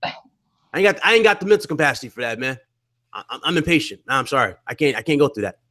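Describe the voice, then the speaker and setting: A man's voice: mid-range voice, big pitch swings, quick pace, pushed and bright. A man in a casual gaming chat, sarcastic and mocking, repeating his jokes for effect.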